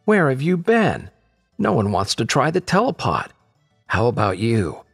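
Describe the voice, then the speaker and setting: A man voicing an excitable, cheerful young female inventor in a high, eager voice. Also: measured pace, gravelly, breathy edge, soft background music, exaggerated voice. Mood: excited.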